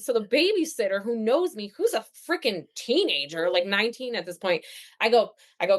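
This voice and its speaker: A woman's voice: mid-range voice, fairly quick. A woman in her thirties, a podcast guest telling her own story in a casual, chatty way with plenty of fillers. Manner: chatty, animated, lots of fillers.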